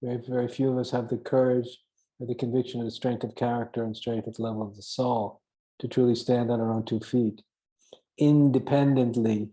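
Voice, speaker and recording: Earnest man with a flat, mellow voice. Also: mid-range voice, brisk, low-quality recording. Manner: earnest, emphatic, repeats phrases for stress; self-mocking chuckles now and then. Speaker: spiritual teacher. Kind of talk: spiritual teaching talk.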